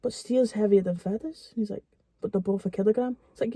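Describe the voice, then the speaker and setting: A woman's voice: mid-range voice, normal speed, warm tone. A young woman chatting casually and laughing at herself while telling a story. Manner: laughs easily, self-mocking. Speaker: YouTuber co-host. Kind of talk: casual chat.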